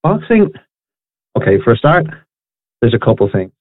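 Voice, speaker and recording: A man's voice: mid-range voice, big pitch swings, normal speed. A middle-aged man talking casually and emphatically, with frequent restarts, as a guest on a chat show. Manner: emphatic, opinionated, restarts often. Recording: dry tinny phone line.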